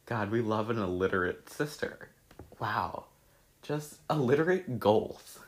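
A man's voice: on the low side, unhurried. A young man chatting casually as he reads out his old social media posts, laughing and swearing at them. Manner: laughing, swearing, excitable reactions. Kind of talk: casual chat.

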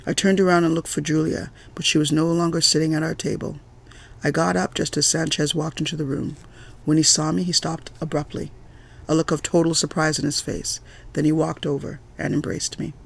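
A man's voice: a little high, flat delivery, fairly quick, gravelly. A man narrates a novel as an amateur audiobook reader, stumbling now and then and restarting his sentences.

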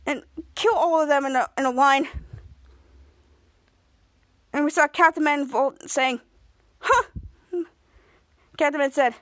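High-voiced woman rambling through a recap. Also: a bit bright. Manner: rambling, restarts with many cuts. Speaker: podcast host. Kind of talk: casual episode recap.

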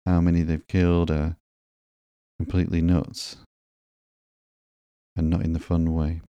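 Comic-book antiheroine, voiced by a man, blunt and teasing, delivered slow and sleepy in a dark, dry tone. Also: deep voice, completely flat delivery, clear, resonant tone, no room sound, lo-fi sound. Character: blunt joking adult woman antihero.

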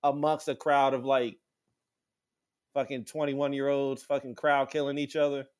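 A man in casual podcast chat, telling a profane, animated story and acting out quotes in sudden high voices. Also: moderate pace.

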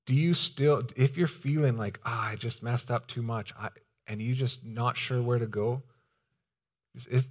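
A young man preaching a sermon as pastor, earnest and pleading, with pauses and restarts. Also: medium pitch.

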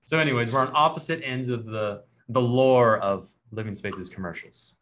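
Lively man telling a story, voices and all. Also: medium pitch, moderate pace. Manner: animated storyteller acting out quoted voices; laughs often, self-deprecating. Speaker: podcast host. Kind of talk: casual storytelling chat.

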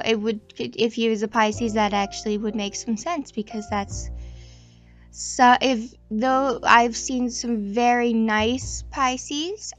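A woman's voice: a little high, a bit bright. A young woman in her twenties chatting casually, meandering and self-deprecating, often restarting her sentences. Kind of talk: casual rambling chat.

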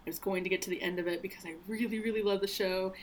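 A woman's voice: mid-range voice, steady tone, rapid-fire, slight background noise. A woman chatting casually about films and TV, laughing often and dropping to a whisper for asides.

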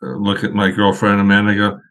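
A man's voice: fairly low pitch, completely flat delivery, a little fast, fairly bright tone. A man, a guest on a podcast, chatting casually and telling long, rambling anecdotes.

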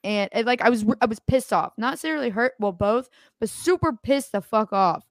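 Animated swearing woman podcaster. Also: on the high side, a little fast, no room sound, clean studio sound. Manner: animated, swears a lot, acts out quotes. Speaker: podcast co-host. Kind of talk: casual podcast chat.

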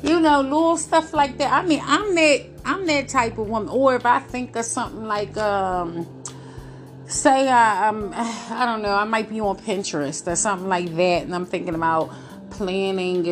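Woman host, casual chatty monologue, mid pitch, faint music bed. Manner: chatty, laughs often, preachy encouragement. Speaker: podcast host. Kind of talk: casual late-night monologue.

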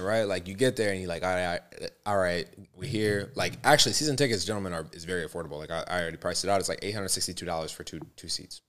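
A man with a very low voice tells a story with lively, loose energy. He swears freely and talks in an easy chat. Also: fast, hardly any pauses. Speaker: podcast co-host. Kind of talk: casual chat.

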